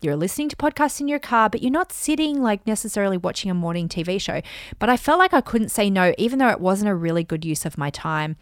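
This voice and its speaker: A woman's voice: mid-range voice, expressive, quick pace, no echo, clean studio sound. A woman in her thirties from Australia, hosting a solo podcast and telling personal stories, acting out her own quoted thoughts. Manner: chatty storytelling with acted-out quotes. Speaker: podcast host.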